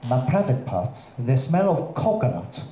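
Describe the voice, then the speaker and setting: Halting stand-up comic in an echoey theatre. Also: male voice, mid-range voice, sing-song, mellow, a little hiss or hum. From Russian parents, raised in Colombia. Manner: hesitant, halting delivery with many fillers. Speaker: stand-up comedian. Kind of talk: stand-up comedy set on stage. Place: theatre stage before a live audience. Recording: echoey theatre with audience ambience.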